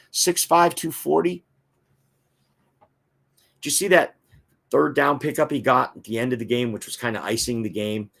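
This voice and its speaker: Guy hosting a football fan show, mid pitch, chatty and opinionated, lots of uhs. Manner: opinionated fan reading viewer comments; frequent filler words. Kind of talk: casual sports talk.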